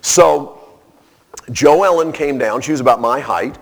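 A man preaches through a personal story, animated and self-mocking. His voice sits at a middle pitch with a gravelly fry. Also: measured pace. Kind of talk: storytelling sermon.

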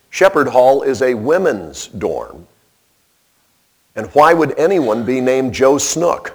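A man preaches through a personal story, animated and self-mocking. His voice sits at a middle pitch with a gravelly fry. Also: slow pace. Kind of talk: storytelling sermon.

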